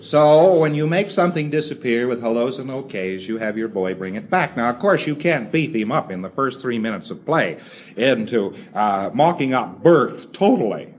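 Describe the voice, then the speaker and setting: A man's voice: mid-range voice, lively intonation, moderate pace. A man giving a recorded lecture in a conversational, wry way, acting out little exchanges and chuckling as he goes. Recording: dull lo-fi old tape with faint hiss.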